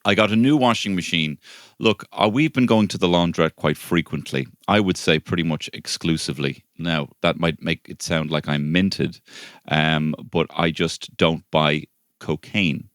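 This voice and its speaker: A deep-voiced man co-hosting a comedy podcast, telling rambling stories and cursing freely. His voice sits very low and the recording is close and dry. He tends to burst into loud, high impressions mid-story. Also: moderate pace, dry recording. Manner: animated storyteller, swears freely, breaks into high shouted impressions. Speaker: podcast co-host. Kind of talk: casual comedic chat.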